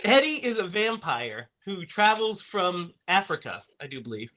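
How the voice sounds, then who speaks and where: A man hosting a casual movie podcast over a video call, talking in a lively way and laughing often. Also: high-pitched, moderate pace. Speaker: podcast host. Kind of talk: casual chat.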